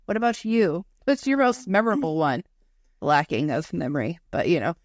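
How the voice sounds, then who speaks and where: A woman's voice: fairly low pitch, sing-song, moderate pace, dry recording, studio quality. A young woman co-hosting a casual podcast, telling stories in a chatty way, swearing, laughing and acting out what people said. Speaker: podcast co-host. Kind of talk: casual chat.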